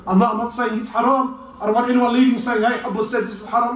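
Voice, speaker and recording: A man preaching a sermon in an animated way, with shouted peaks and playful asides. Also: very high-pitched, fast talker. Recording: roomy echo, voice from a distance, faint noise.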